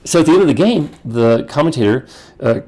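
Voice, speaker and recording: A man's voice: on the high side, lively intonation, fairly quick, dark tone. A male pastor giving a conversational teaching talk to ministers, often acting out quoted dialogue and restarting phrases.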